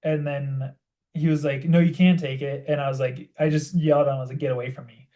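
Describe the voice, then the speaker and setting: A young man in easy podcast chat who tells his story with lots of energy and fills nearly every phrase with "like." His voice sits a little high but sounds mellow and relaxed. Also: brisk. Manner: animated storytelling, heavy use of "like". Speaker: podcast co-host. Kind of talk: casual chat.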